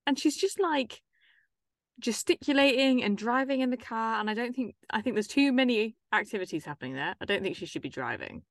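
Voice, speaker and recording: A woman hosting a podcast in casual chat, teasing and quick to laugh. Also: fairly high pitch, no echo. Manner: lively, teasing, laughs easily. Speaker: podcast host.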